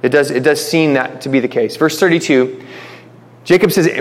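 A man's voice: fairly high pitch, moderate pace. A man teaching a conversational Bible-study sermon, speaking informally, restarting phrases and calling his listeners guys. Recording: long hall reverb.

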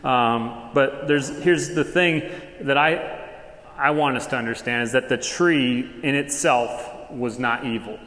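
A male pastor preaching a sermon in a relaxed, conversational way, acting out quick little dialogues as he goes. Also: medium pitch. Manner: casual conversational preaching with quick dramatized asides. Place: church hall. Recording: echoey hall with long reverb.

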